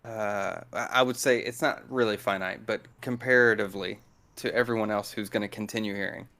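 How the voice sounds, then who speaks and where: A man's voice: fairly low pitch, fairly even intonation, fairly quick, sharp tone. A man in his thirties or older, a deaf guest explaining things patiently in casual conversation. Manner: patient, explanatory, chuckles while talking. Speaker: deaf guest on a study stream.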